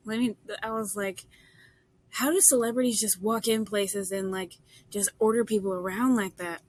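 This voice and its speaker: A woman's voice: mid-range voice, moderate pace, no room sound. A young woman casually telling a rambling story, full of fillers and quoted dialogue.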